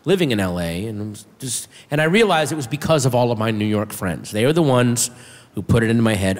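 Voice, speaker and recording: A man doing a stand-up comedy set, telling a story with animated delivery and shouting his punchlines. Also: medium pitch, fast talker. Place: comedy club stage with audience. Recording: reverberant room with faint audience.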